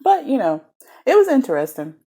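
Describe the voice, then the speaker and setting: A woman chatting casually through a book review, giggling often and leaning on fillers. Her pitch swings widely and expressively from phrase to phrase. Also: huge pitch swings, fairly quick, dark tone, husky.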